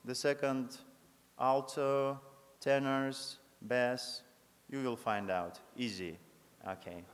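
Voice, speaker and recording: A man, a choir director teaching a congregation to sing, speaking in halting, friendly, broken English. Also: medium pitch, fairly even intonation. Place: large chapel. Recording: long hall reverb.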